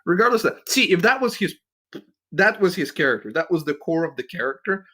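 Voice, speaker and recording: Podcast host guy ranting, swears a lot, kinda high pitched. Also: very animated, fairly quick, sharp tone. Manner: blunt, profane, ranting. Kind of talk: casual critique chat.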